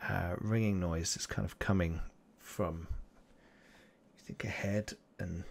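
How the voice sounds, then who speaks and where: A man narrating as game master of a tabletop role-playing game, pausing often with ums. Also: low-pitched, fairly even intonation, creaky. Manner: hesitant, full of ums and restarts.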